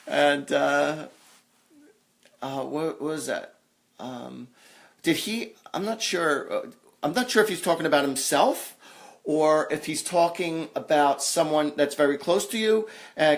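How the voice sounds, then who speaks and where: A man hosting a live psychic reading, talking in a halting, reassuring way with lots of ums and uhs. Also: fairly high pitch. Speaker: psychic medium host. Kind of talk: live online reading session.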